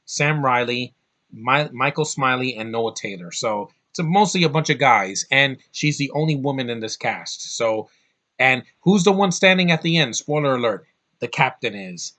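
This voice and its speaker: A man's voice: medium pitch, moderate pace, sharp tone. A man reviewing a movie on his vlog in a rambling, casual way, swearing and getting fired up.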